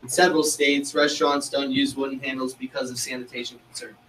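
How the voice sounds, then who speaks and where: A male trainee reading a sales script aloud in an even way. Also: medium pitch, quick pace. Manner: reads evenly from a sales script. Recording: distant from the mic with faint noise.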